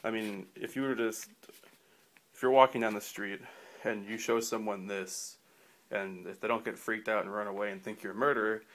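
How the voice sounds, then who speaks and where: A man's voice: fairly low pitch, steady tone, moderate pace, fairly bright tone. A man giving a casual knife review in a rambling way, full of fillers and restarts, with dry offhand humor.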